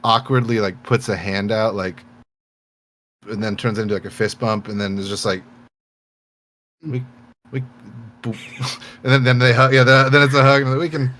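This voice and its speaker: A man's voice: lowish voice, steady tone, a little fast, fairly bright tone, a little hiss or hum. A man playing a tabletop game, describing his character's actions in a rambling, casual way full of fillers. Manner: rambling, filler-heavy, laughing easily. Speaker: player.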